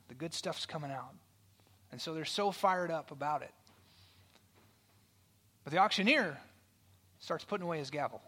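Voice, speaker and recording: A male pastor preaching a sermon, telling a story in a conversational way with frequent "right?" asides, swinging from loud storytelling to a hushed near-whisper. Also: on the high side.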